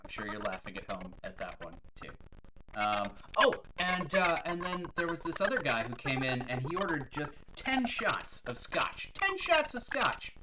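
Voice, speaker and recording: Hosting a live stream at a moderate pace, a woman with a very deep voice chats casually, telling corny jokes and teasing herself. Her pitch rises and falls widely, and a steady background noise sits beneath her the whole time.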